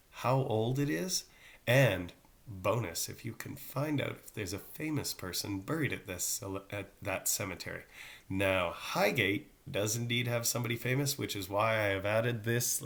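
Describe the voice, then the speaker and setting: A middle-aged male teacher talking casually to his students, with joking asides. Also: fairly low pitch. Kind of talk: casual recorded class talk.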